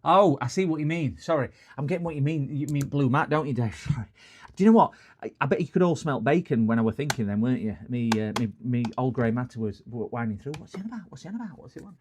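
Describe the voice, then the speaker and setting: A man's voice: mid-range voice, fast, a little mellow, slight background noise. A middle-aged man, chatting casually and joking with viewers as he hosts a repair livestream. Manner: jokey, rambling, answers chat comments.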